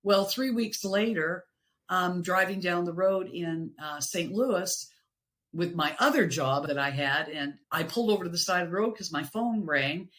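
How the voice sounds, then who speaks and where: A middle-aged woman, a podcast guest, sharing personal stories in an earnest, reflective way, with pauses and restarts. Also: fairly low pitch, a bit bright.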